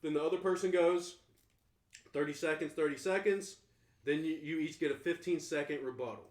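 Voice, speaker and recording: A man's voice: on the high side, fairly quick, reverberant. A man hosting a casual podcast debate, rambling as he explains rules and laughs between points. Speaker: podcast host, quiz moderator.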